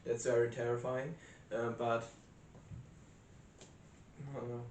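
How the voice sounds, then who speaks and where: Young male vlogger, easygoing and hesitant, lots of false starts, set back from the mic in a roomy space with a faint rumble. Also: level tone, slow pace, darkish tone, recorded from a distance. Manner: rambling, hesitant, many restarts and fillers. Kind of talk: casual rambling vlog. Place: small room indoors by a window. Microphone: camera set up close in a cramped room.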